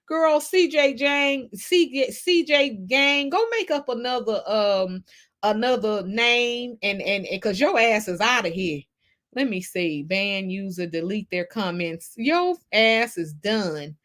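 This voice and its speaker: A woman hosting a casual gossip livestream, sassy and animated, laughing often as she reads the chat. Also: a little high, slow. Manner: sassy, animated, laughs a lot, Southern Black American slang. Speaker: livestream host reading chat.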